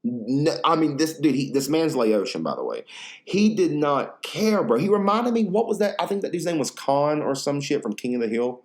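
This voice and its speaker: A man's voice: a little high, very animated, normal speed. A young man hosting a podcast, telling a story in a rambling, profane casual chat full of fillers. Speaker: podcast host.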